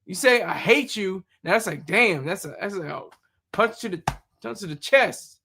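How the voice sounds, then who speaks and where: Bright, high-voiced man rambling on a livestream. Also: expressive, moderate pace, breathy edge. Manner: rambling, repeats words, reads chat comments. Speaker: YouTube streamer. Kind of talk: casual live-stream chat.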